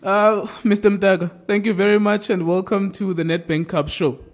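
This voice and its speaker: A man hosts a radio sports show, his slightly high voice full of excited exclamations. He chats and sets up questions for his guests. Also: normal speed. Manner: enthusiastic, exclaiming.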